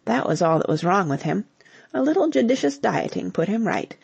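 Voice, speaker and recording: A cheerful, bumbling young English husband with a breezy, slangy way of talking, read by a woman. The voice is husky with a gravelly edge and swings up and down in pitch. It sits close and dry. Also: big pitch swings, a little fast, darkish tone, no room sound, full character voice.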